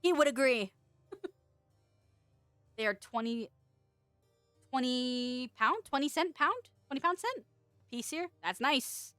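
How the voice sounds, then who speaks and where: A woman streaming as a VTuber, chatting casually with viewers, playful and quick to laugh, with casual swearing. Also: high-pitched, expressive, bright, forceful tone, clear, resonant tone, dry recording, faint music behind. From United States. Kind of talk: casual chat reading viewer messages.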